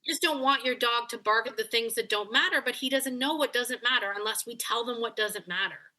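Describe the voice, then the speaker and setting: A woman's voice: on the high side, brisk, sharp tone. A woman dog behavior coach on a coaching call, talking animatedly and acting out the voices of dogs and owners.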